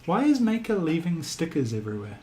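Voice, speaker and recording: A man's voice: a little high, huge pitch swings, a little fast, dark tone. A man with a New Zealand accent hosting a livestream, chatting casually and joking at his own expense while he works on a model kit. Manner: joking, self-mocking. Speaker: livestream host. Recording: clear background noise.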